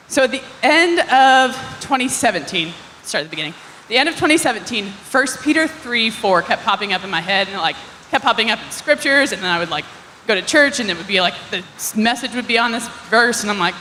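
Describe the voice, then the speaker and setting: A young woman preaching to a youth group with a chatty, joking, self-deprecating manner. Her voice sits fairly high, and it rings out with a long hall reverb over faint room noise. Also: lively intonation, bright, forceful tone. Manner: chatty, self-mocking, quick asides with filler "like". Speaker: youth ministry speaker. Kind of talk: casual sermon. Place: church hall.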